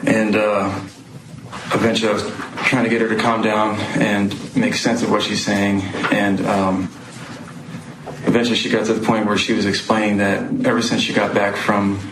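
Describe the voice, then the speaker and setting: A man testifying as a witness in court, speaking haltingly with many pauses and fillers. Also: fairly low pitch, flat delivery. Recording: echoey noisy courtroom audio.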